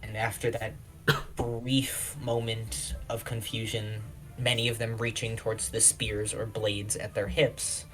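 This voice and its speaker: A man's voice: on the low side, a little slow, faint music behind, rough recording. Man narrating as game master. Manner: descriptive, steady narration with hesitant restarts.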